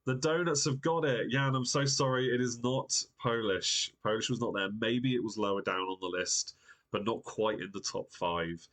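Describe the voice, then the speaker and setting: A man's voice: medium pitch, moderate pace, fairly bright tone. A man hosting a live online quiz, chatty and upbeat, reading out viewer comments as he goes. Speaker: quiz host.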